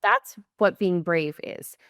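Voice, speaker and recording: Woman, podcast guest, earnest, rambling, filler-heavy, smooth resonant tone, dry close sound. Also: lowish voice, wildly swooping pitch, slow pace, fairly bright tone, no room sound. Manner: earnest, speaks in loose rambling phrases with many fillers. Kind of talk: candid conversational interview.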